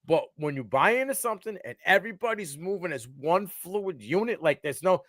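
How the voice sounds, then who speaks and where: Man, sports podcast co-host, high lively voice, excitable restarts. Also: a little fast, no room sound. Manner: animated, trails off and restarts. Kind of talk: casual sports chat.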